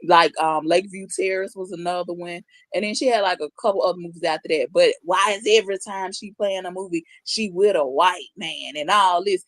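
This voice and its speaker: A woman's voice: lowish voice, fairly quick, hardly any pauses, no room sound. A young woman co-host speaking frankly and chattily in a casual commentary conversation. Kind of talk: casual chat.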